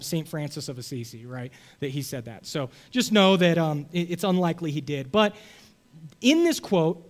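A high-voiced man preaching a sermon. He talks conversationally and keeps checking in with his listeners. He swings between loud, emphatic stretches and quiet asides. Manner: conversational, checks in with "okay?" and "right?". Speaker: pastor.

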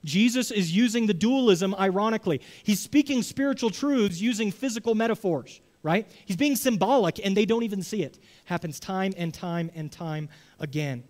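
Casting: male preacher, high tenor, chatty sermon delivery, acts out quick voices. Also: animated, darkish tone. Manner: conversational, acts out voices, frequent "right?".

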